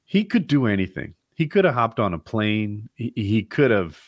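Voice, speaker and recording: Lowish guy chatting steady, explaining stuff, dry mic. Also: normal speed, no echo. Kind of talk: casual chat.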